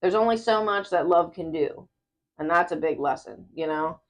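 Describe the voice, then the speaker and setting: Laughing frequently, a podcast co-host tells animated stories during a casual conversation. She has a fairly low-pitched voice and a moderate pace.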